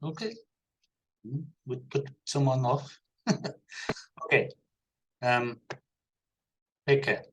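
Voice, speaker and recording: Slow, hesitant man playing a game. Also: medium pitch, animated, a bit bright. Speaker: player. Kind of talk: casual tabletop chat.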